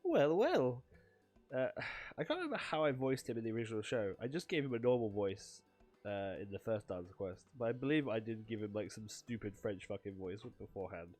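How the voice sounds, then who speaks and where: A man's voice: fairly low pitch, expressive, brisk, a little mellow, faint music behind. Laid-back man doing game commentary. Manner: laid-back, joking, swears and laughs at himself. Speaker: let's play host. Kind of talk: casual gameplay commentary.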